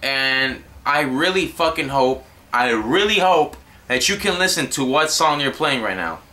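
A man's voice: mid-range voice, lively intonation, unhurried, pushed and bright. A young man giving a rambling, exasperated vlog rant, swearing constantly. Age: young adult. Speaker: vlogger. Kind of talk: profane ranting commentary.

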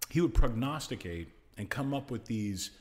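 A man's voice: mid-range voice, moderate pace, slightly rough. American comedian guy telling stories, voice all over the place, doing impressions mid-chat. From United States. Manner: animated storyteller who acts out other people's voices. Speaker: comedian guest. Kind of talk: casual chat, storytelling.

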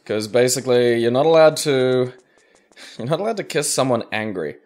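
A man's voice: medium pitch, expressive, moderate pace, a little mellow. A man playing a game and chatting loosely, often laughing and swearing as he explains things. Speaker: player in a let's-play. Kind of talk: casual let's-play commentary chat.

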